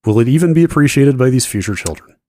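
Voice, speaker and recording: A man co-hosting a podcast, reading a listener email in a steady, matter-of-fact way. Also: medium pitch, fast, no room sound. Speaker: podcast co-host. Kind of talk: casual chat and email reading.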